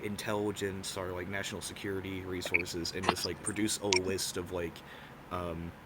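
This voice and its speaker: A young man with a lowish voice answers at a debate, wandering through his points and leaning on filler words at every turn. Steady background noise and passing vehicles sit under him. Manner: rambling, heavy on filler words. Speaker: debate candidate.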